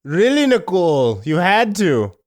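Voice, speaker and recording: Lively, dry-quipping podcast co-host. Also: mid-range voice, a little slow. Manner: playful, dry quips. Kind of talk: casual comedic chat.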